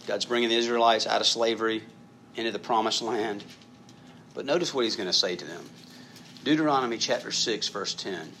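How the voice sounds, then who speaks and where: Pastor guy preaching, chatty and emphatic, bright slightly low voice. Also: fairly quick, a little hiss or hum. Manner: conversational, emphatic, repeats words. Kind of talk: sermon.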